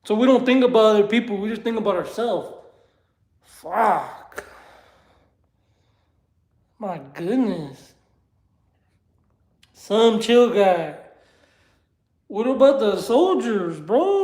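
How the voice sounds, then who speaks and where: A man's voice: very high voice, a little mellow. A young man ranting casually and heatedly, swearing and saying "bro" often, with disbelieving laughs. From United States. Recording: roomy echo.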